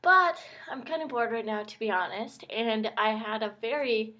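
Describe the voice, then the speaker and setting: A woman's voice: a little high, moderate pace, bright, forceful tone. A young woman from Minnesota telling a story to her camera in a chatty, wry way, often quoting herself. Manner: chatty, quotes herself a lot, wry and exasperated. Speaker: vlogger.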